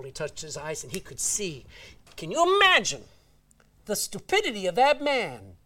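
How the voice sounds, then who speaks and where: A man's voice: high-pitched, huge pitch swings, normal speed, fairly bright tone. A man preaching a sermon, reading scripture aloud and asking the congregation "Amen?".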